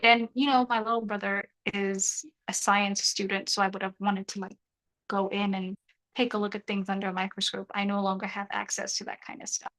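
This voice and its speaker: A young woman chats on a live stream with a bright, forceful voice. She is animated and joking and reads viewers' messages aloud. Half of her mouth is still numb from dental work. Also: medium pitch, normal speed, rough recording. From South Africa. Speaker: YouTuber hosting a live stream. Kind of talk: casual live-stream chat.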